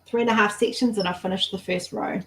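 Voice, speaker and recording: A woman's voice: medium pitch, steady tone, quick pace, a bit bright. A woman hosting an art livestream, chatting casually with viewers as she paints. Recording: roomy with faint background noise.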